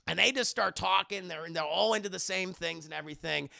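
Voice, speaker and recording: A man streamer recapping a movie for his live chat in an animated, swearing, casual way. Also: high voice, brisk, creaky.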